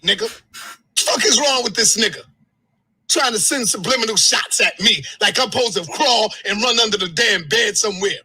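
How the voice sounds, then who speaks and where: High, shouting, heated man. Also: breathy edge, rough recording. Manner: heated, shouting, cursing, swinging pitch. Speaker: live streamer. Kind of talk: angry livestream rant.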